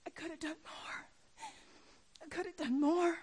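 A woman's voice: high voice, animated, a little slow, mellow, pitched above the performer's own voice. Woman acting a weeping remorseful older man. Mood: anguished. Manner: anguished, crying out.

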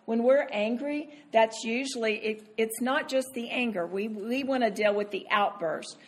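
A woman's voice: on the high side, moderate pace. Earnest woman teaching a sermon. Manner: earnest, acts out her own inner voice. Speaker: Bible teacher. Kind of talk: conversational sermon.

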